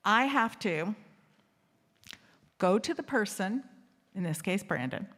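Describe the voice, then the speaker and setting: A woman's voice: medium pitch, animated, slow pace, fairly bright tone. A woman hosting an assembly, telling a candid, funny story to a live audience and asking them questions. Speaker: assembly host. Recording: reverberant hall.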